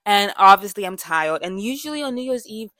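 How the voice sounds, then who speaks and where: A woman's voice: mid-range voice, lively intonation, a little fast, sharp tone, no echo. A young woman hosting a podcast, talking candidly in a casual monologue, with lots of fillers and restarts. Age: young adult. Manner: chatty and candid, with frequent fillers and self-corrections. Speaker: podcast host.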